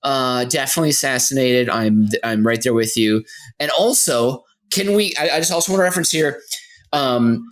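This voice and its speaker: A man's voice: medium pitch, moderate pace. A man competing on a comedy podcast, rambling through silly bits and tripping over his own words for laughs. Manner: rambling, stumbles for laughs, lively swings. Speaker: contestant.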